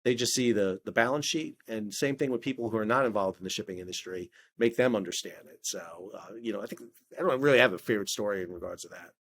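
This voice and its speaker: A middle-aged man speaking as an interview guest, telling lively anecdotes in a casual conversational way, often restarting his words. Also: lowish voice, quick pace. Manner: animated storyteller, frequent stammered restarts. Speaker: podcast guest, maritime historian.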